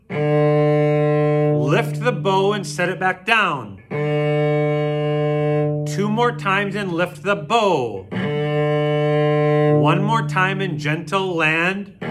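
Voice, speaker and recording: A man teaching an orchestra video lesson to children, counting aloud, joking with them and demonstrating on string instruments. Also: fairly high pitch. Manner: jokey, playful asides to kids. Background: plucked string instrument demonstrations.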